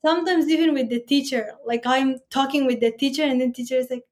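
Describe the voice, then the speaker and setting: A woman's voice: sits high, fast talker. A young woman from Afghanistan, a Persian speaker, telling stories as a podcast guest, full of "like" and "oh my gosh". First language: Persian (Farsi). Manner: lively storytelling, repeats "like" and "oh my gosh". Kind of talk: casual interview chat.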